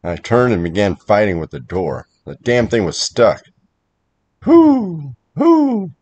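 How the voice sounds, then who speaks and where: Deep-voiced man narrating a horror tale. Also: expressive, moderate pace, muffled recording. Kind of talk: first-person horror story narration.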